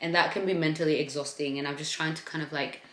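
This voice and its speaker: A woman's voice: sits low, fairly even intonation, fast, fairly bright tone, a little hiss or hum. A young woman vlogging about her postpartum experience in a candid, chatty way, talking straight to her viewers. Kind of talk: casual chat to camera. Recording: echoey room.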